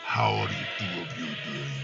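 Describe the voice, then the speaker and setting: An actor playing a smug, mocking mob boss with a put-on Eastern European accent, in a radio comedy. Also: male voice, rumbling low, lively intonation, normal speed, gravelly, muffled recording, over loud music, exaggerated voice. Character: oily mob boss with a mock Dracula accent. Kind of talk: 1940s radio acting.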